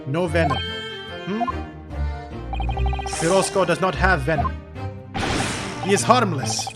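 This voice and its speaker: Man doing a gruff Russian snake lady, broken English, raised pitch, music bed. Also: takes it slowly. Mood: stubborn. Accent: put-on Russian. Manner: broken English, blunt and stubborn. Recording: game music underneath.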